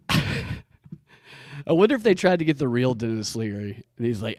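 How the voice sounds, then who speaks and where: A man's voice: medium pitch, big pitch swings, measured pace, darkish tone, no echo, studio quality. A man hosting a comedy podcast, joking wryly and laughing often in casual chat. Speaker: podcast host.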